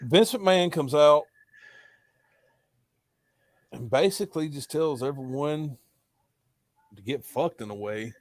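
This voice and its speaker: A man co-hosting a casual podcast who talks loudly and swears constantly as he tells stories. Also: on the high side, takes it slowly, long pauses, dry recording. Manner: loud, profane, animated storytelling. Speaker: podcast co-host. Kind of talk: casual chat.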